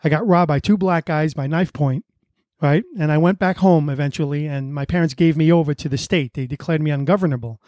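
Mellow man telling his life story. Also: a little high, a little fast, no echo, studio quality. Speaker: panel guest. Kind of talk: personal testimony.

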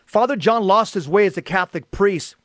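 A man's voice: high voice, a little fast, no echo, studio quality. A middle-aged man giving an earnest, emphatic personal testimony about faith. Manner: earnest, emphatic, rises to shouting in quoted exchanges. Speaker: Catholic lay speaker.

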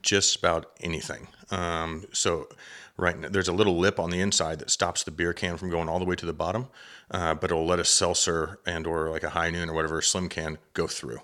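A man's voice: deep voice, fairly quick. A man, a podcast guest, chatting casually and getting worked up as he tells a hunting story. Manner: lively storyteller, gets worked up telling a hunt. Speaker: guest, hunter and drinkware entrepreneur.

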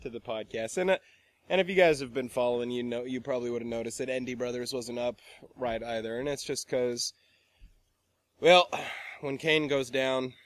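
A man's voice: medium pitch, fairly even intonation, moderate pace, no echo. A young man co-hosting a casual podcast, trading crude, teasing jokes. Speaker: podcast co-host. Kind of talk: casual chat, teasing banter.

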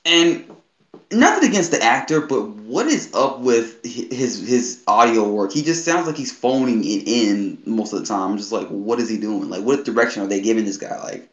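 Lively man in an echoey room. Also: lowish voice, moderate pace, muffled recording. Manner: animated, laughing along. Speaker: podcast co-host. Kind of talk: casual review chat.

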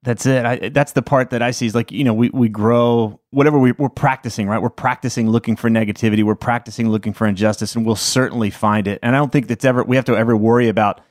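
A man's voice: mid-range voice, fairly even intonation, fast talker, few pauses, no room sound, studio quality. A man hosting a podcast, asking questions and chatting in an enthusiastic, affirming and rambling way. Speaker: podcast host. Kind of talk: casual interview conversation.

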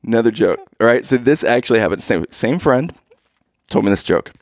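Playful and casual, a husband tells dad jokes to his wife and laughs at his own punchlines. His mid-range voice moves with lively intonation at a brisk pace, recorded with no room sound.

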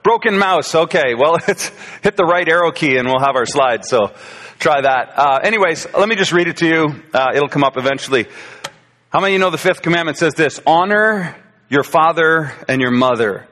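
A man's voice: a little high, animated, normal speed, fairly bright tone, big-room sound. A man in his forties giving a conversational Father's Day sermon as a pastor, with frequent fillers and restarts. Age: 40s. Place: church sanctuary.

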